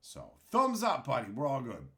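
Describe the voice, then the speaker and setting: A man's voice: medium pitch, wildly swooping pitch, moderate pace, vocal fry, sharp tone. A man hosting a casual livestream, rambling and joking while he reads out viewer chat. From Canada. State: tired after dental work. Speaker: livestream host. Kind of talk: casual live-stream chat.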